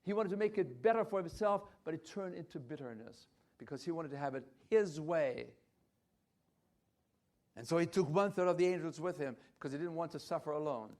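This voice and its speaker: Emphatic older man, high voice. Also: brisk, darkish tone. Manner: emphatic, repetitive, hesitant restarts. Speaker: health lecturer. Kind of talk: health talk at a church conference.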